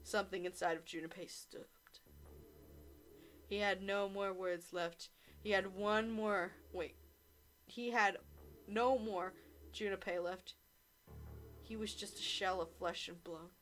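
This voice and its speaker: A young woman playing a visual novel, reading the text and dialogue aloud with laughing, excited asides. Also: medium pitch, slow pace, long pauses, faint music behind. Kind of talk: let's play narration.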